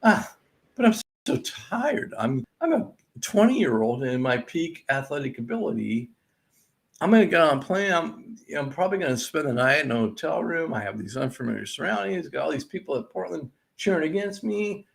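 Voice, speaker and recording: A man's voice: a little high, very animated, moderate pace, creaky. A man putting on a whiny, self-pitying young college athlete to mock him. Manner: mocking, whining.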